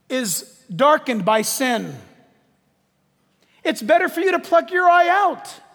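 High-voiced animated male preacher in a hall. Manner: animated, jokey preaching with acted-out quotes. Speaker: pastor. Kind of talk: sermon.

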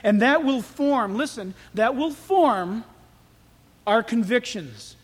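A man preaching a sermon as pastor, telling stories in an animated way. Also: very high-pitched, takes it slowly. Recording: echoey hall with long reverb.

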